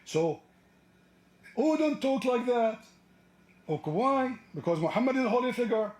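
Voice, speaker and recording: Mocking, combative high-voiced man. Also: expressive, moderate pace, darkish tone, reverberant. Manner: mocking and combative, taunts and laughs at caller. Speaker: debate livestream host. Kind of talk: heated live call-in debate.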